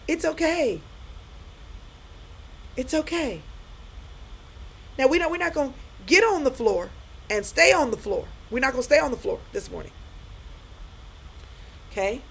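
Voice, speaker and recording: A woman's voice: high-pitched, animated, normal speed, slight background noise, low-quality recording. A middle-aged woman giving a live-stream pep talk to viewers, repeating her points with emphasis and speaking straight to them.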